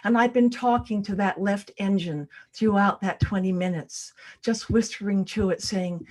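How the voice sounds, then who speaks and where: Speaking at medium pitch, an older woman shares a personal story on stage at a live storytelling event, using dramatic pauses and lowering her voice to a hush when the tension builds.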